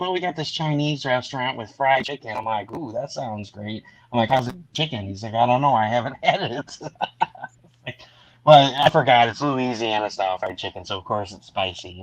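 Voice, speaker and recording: A man's voice: medium pitch, fairly bright tone, dry recording, low-quality recording. A man hosting a casual live stream, rambling through a story and acting out what his friends said. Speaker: host.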